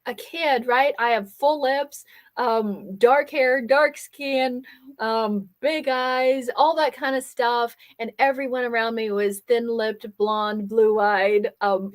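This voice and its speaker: In this live webinar sales pitch, a German woman speaking accent-free English runs a coaching workshop and promotes her program persuasively. She constantly punctuates her points with "okay?" and "right?"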